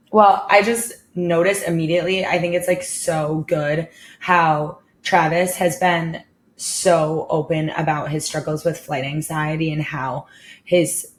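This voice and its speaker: A woman's voice: deep voice, a little hiss or hum. A woman therapist reacting to a song in a casual video, talking in an emotional, gushing way and saying "like" a lot. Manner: emotional, gushing, heavy use of "like". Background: faint song playing.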